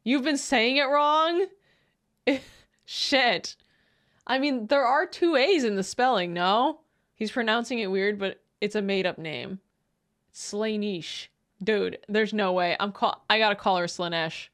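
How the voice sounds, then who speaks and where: A woman streamer riffs on a video in loose, casual commentary, playful and quick to swear or laugh. She talks at an unhurried pace, lingering over her words in a mid-pitched voice. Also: fairly bright tone.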